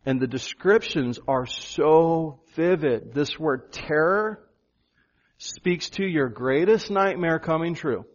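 A male pastor preaching a sermon, animated, jumping up in pitch for emphasis. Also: slow pace, lo-fi sound.

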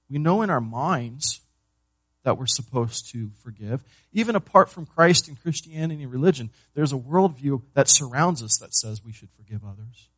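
Man preaching with swings in loudness. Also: slightly rough, no echo. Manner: preaching with swings from loud emphasis to hushed low delivery; asks the congregation questions and answers them himself. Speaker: pastor. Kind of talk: sermon.

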